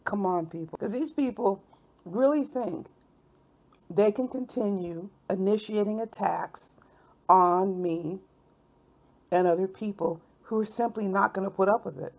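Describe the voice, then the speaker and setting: A woman's voice: mid-range voice, a little slow, darkish tone. A woman hosting her own channel, talking over clips in a combative, mocking commentary. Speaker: channel host.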